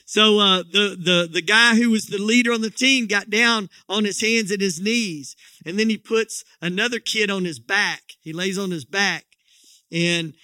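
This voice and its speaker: A man's voice: sits high, unhurried, sharp tone, smooth, no echo, studio quality. A middle-aged man preaching a sermon as pastor, telling a story in a folksy, joking way with many restarts.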